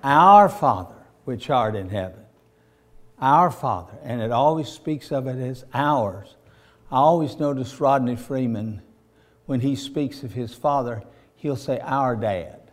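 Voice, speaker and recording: A man's voice: medium pitch, a little slow. A man preaching a sermon, telling stories in a folksy way and rising to fervent emphasis. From Virginia, USA.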